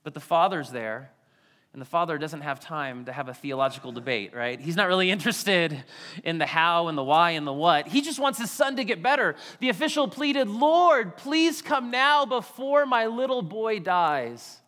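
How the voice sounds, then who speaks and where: Pastor, male, high bright voice, animated sermon delivery, long hall reverb. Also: fairly quick. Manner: animated, acts out quotes in varied voices.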